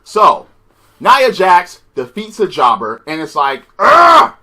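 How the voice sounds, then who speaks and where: Brief: high-voiced, bright-toned man, sarcastic and cursing, ranting a wrestling review. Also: sing-song, takes it slowly. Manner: profane, exasperated and sarcastic.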